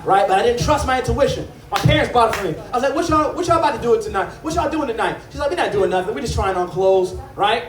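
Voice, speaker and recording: High-voiced man telling a rambling stand-up story. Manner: rambling, repetitive, confessional. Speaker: stand-up comedian. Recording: echoey room from far off.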